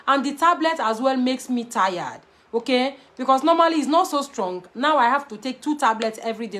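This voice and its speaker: A woman with a Nigerian Pidgin English accent talks straight to camera in a high voice. She is blunt and animated, slipping between Pidgin and plain English as she talks. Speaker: vlogger giving marriage advice. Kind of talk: casual to-camera talk.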